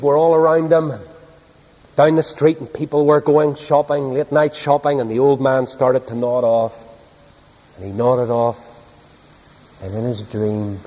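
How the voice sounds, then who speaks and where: A man's voice: mid-range voice, dark tone. A man preaching, telling a story in a homely, earnest way. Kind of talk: sermon storytelling. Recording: echoey hall.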